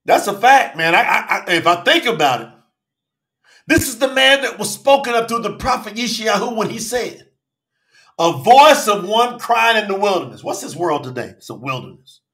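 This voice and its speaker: A high, lively male voice preaches with fire, calling listeners by name and shouting his points in African American speech. The sound is bright and carries a roomy echo. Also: normal speed. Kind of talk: fiery sermon on a live stream.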